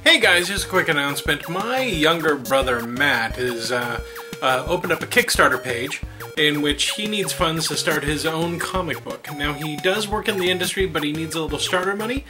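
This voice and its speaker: A man's voice: a little high, normal speed, music in the background. A man hosting a comedy show, delivering casual announcements with many fillers and restarts. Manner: rambling, filler-heavy delivery. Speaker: host.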